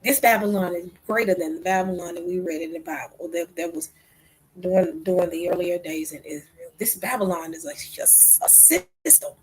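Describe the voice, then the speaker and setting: A woman delivers fervent religious commentary in a husky, breathy voice. She preaches with rhetorical questions and veers between hushed whispers and loud outbursts. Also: on the low side, normal speed, low-quality recording. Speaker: online talk host.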